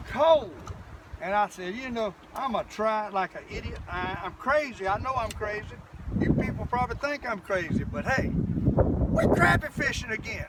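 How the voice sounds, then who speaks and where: Excitable older man on a windy lake. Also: high voice. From Southern US. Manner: excitable, folksy, repeats himself, exclaims often. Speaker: fishing vlogger. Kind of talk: excited outdoor fishing vlog. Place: small boat on a lake outdoors, windy. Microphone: camera mic in the wind. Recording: distant camera mic with wind noise. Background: wind and boat noise.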